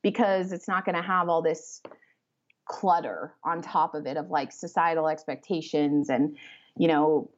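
A woman author talking as a podcast guest, rambling and animated, with many fillers as she explains her ideas. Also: low-pitched, a little slow. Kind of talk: conversational interview. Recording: slightly muffled lo-fi audio.

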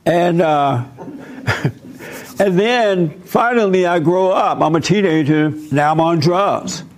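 Animated older man preaching. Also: a little high, takes it slowly. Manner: animated storytelling, acting out voices. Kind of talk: sermon with role-play demonstration.

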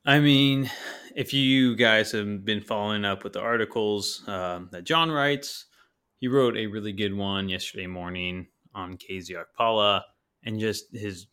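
A man's voice: on the low side, bright, forceful tone, clean tone. A man co-hosting a casual sports podcast, talking with enthusiasm and casual slang.

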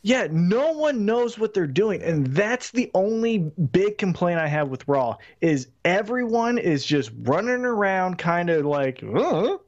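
Ranting, slightly high-voiced male co-host. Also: big pitch swings, measured pace, few pauses, muffled recording. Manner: ranting, emphatic, swears a lot. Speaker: podcast co-host. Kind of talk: casual wrestling chat.

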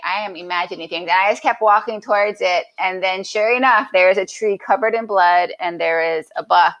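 A woman's voice: mid-range voice, poor audio. A woman sits in as a podcast guest and tells a story in an easy, chatty way. She restarts her sentences often and acts out what people said, her voice bouncing with animation. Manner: animated, lots of restarts and acted-out quotes. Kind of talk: casual storytelling.

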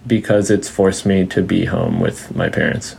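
A man's voice: sits low, fairly even intonation, moderate pace, creaky, darkish tone, husky. A man as a podcast guest, telling stories in casual chat, rambling with lots of fillers, laughing, and quoting his mother in her voice. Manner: acts out his mom's voice when quoting her.

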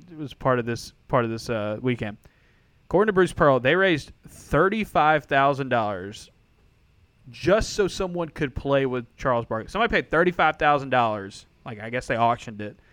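A man's voice: medium pitch, a bit bright, clean tone, no room sound. A man co-hosting a casual sports podcast, rambling with many fillers and restarts, often laughing. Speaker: podcast co-host.

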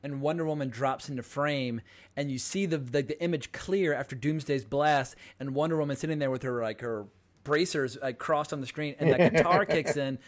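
A man hosting a podcast, chatting excitedly about movies and telling quick anecdotes. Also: a little high. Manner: excited, fast-flowing anecdotes. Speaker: podcast host. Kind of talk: casual movie chat.

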